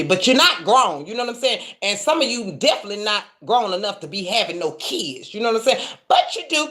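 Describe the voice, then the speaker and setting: A woman from Texas, talking to camera as a self-styled judge and repeating "do you hear me?". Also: mid-range voice. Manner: animated, repeats "do you hear me?", mock courtroom sentencing. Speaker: vlogger playing a judge. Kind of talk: casual monologue to camera.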